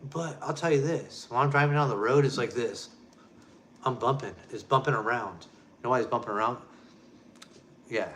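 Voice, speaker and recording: Speaking at a moderate clip with many pauses, a man hosting a show delivers a fiery, repetitive rant directly to listeners. His voice is mid-range and fairly bright, and a little hiss or hum runs through the recording.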